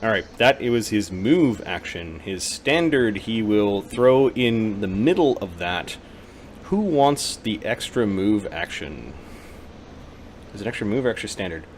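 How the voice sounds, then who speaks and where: A man's voice: lowish voice, expressive, unhurried, a little hiss or hum. A man acting as game master, narrating a tabletop game and working through rules, with many fillers.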